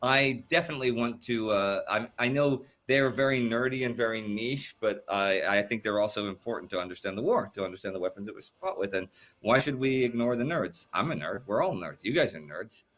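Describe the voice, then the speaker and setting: Low-voiced man rambling as livestream host. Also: lively intonation, brisk, fairly bright tone. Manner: rambling, repeats words while thinking. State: coughing. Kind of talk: casual livestream chat.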